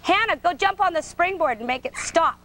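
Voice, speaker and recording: High-voiced woman coaching toddlers. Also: lively intonation, moderate pace, pushed and bright. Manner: sing-song, encouraging, gives short simple directions. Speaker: preschool gymnastics coach. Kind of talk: coaching young children in class. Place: indoor gym.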